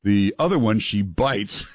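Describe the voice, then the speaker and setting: A man hosting a talk radio show, chatting casually and reading ads in a relaxed, unhurried way with lots of fillers. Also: fairly low pitch, dry recording, clean studio sound. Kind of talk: casual talk radio banter and live ad reads. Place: radio studio. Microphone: studio microphone.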